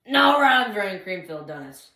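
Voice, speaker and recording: A young woman voicing a gruff, deadpan male donut shop clerk in a comic monologue. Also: medium pitch, fast talker, reverberant, heavily acted.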